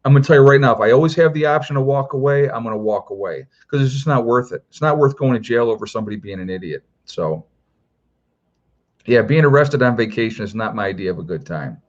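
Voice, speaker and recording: Middle-aged male host, loose chatty storyteller, plenty of "you know", mid pitch, a bit lo-fi. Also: expressive, fast. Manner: rambling, many "you know" fillers. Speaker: prepper channel host. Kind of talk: casual livestream storytelling.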